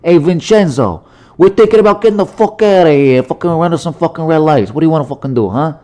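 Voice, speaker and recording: A man's voice: a little high, expressive, fast talker, a little mellow, voice pushed up, close to an everyday voice. A man voicing a crude, pushy male mobster kangaroo who swears and needles in wiseguy talk. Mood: needling.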